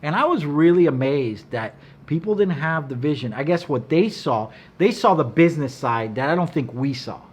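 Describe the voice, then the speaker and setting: A middle-aged man holds forth in casual storytelling, with a voice pitched a little high for a man. He is animated and curses freely. When he acts out what others said, his voice jumps up loud and high. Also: moderate pace, husky. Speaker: cigar brand owner.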